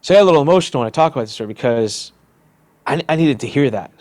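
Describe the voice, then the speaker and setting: A middle-aged man telling a personal story on a podcast. He talks with energy and slips into the voices of the people he describes. His pitch sits in the middle for a man. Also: expressive, very fast, a little mellow. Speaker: interview guest, entrepreneur.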